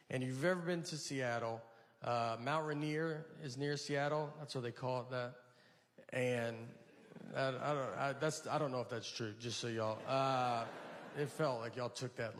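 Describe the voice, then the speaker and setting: A man performing a stand-up routine, telling rambling stories in a halting, deadpan way. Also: mid-range voice. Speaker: stand-up comedian. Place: large venue with a live audience. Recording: live stage mic in a reverberant hall with audience noise. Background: audience laughter.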